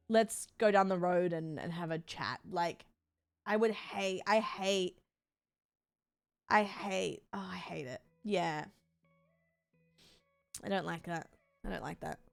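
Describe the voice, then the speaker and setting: A woman's voice: medium pitch, slow pace, gravelly, pauses often, soft background music. Chatty woman streamer, frank and rambling. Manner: rambling, frank, swears freely, full of fillers and playful bits. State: sore body. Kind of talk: casual chat while gaming on stream.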